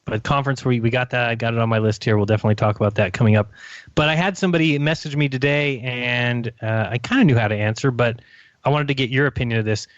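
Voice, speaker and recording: A man co-hosting a call-in radio show, chatting in an easygoing way with quick asides. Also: mid-range voice, no room sound. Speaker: radio co-host. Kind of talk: casual call-in radio chat. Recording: dull lo-fi sound.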